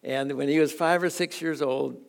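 An older man preaches in a relaxed, folksy way, often chuckling and restarting his sentences. His voice is a bit gravelly and sits slightly high. He moves between homey stories and scripture reading. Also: moderate pace. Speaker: guest preacher. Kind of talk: sermon with personal stories.

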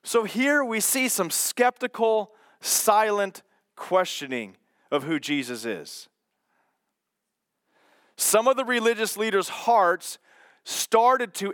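A man preaching a sermon with a strikingly high voice, moving at an unhurried, deliberate pace. He teaches expressively and voices the doubters' questions as he goes. The sound is dry and close, with no room around it. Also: very animated, a bit bright, no echo.

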